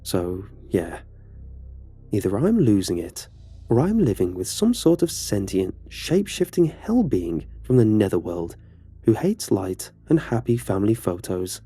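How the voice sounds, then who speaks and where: A man's voice: on the low side, very animated, a little slow, warm tone, husky, soft background music. A man narrating a horror story in a casual, conversational way.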